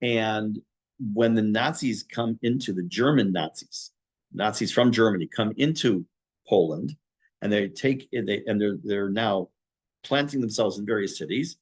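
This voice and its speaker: A middle-aged man, a rabbi, teaching a history class in a conversational way, pausing for asides to his listeners. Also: on the low side. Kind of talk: informal history lecture.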